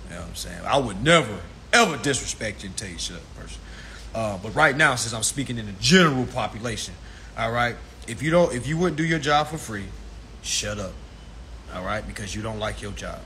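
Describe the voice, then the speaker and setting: A man ranting casually to viewers on a phone livestream, animated, profane and preachy. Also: lowish voice, brisk, a little hiss or hum. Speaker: livestream host.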